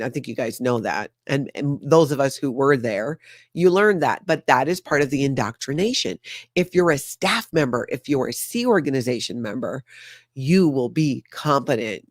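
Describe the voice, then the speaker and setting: A woman's voice: extremely low pitch, no echo, studio quality. A woman hosting a casual news recap livestream, talking straight to her viewers in a sarcastic, chatty way. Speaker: host of a news recap channel.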